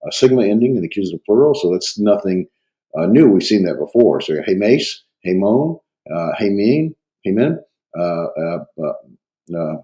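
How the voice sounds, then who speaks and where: A man with a low, mellow voice works through a grammar lesson while he has a cold. He pauses often, fills gaps with hesitant fillers and thinks aloud as he explains. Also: lively intonation, poor audio. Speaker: Greek instructor. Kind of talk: lecture reviewing grammar.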